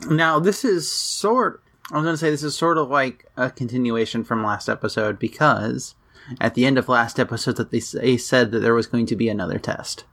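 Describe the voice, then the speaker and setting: A woman's voice: a bass voice, fairly quick, a bit bright. A woman co-hosting a casual podcast, talking in a dry, hedging, matter-of-fact way. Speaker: podcast co-host. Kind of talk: casual chat recapping an anime episode.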